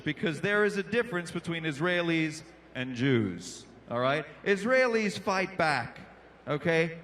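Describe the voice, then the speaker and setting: High bright guy doing standup on an arena stage, handheld mic, punchy and playful w the crowd. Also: a little hiss or hum. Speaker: comedian and emcee. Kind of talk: stand-up comedy set. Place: large indoor arena stage.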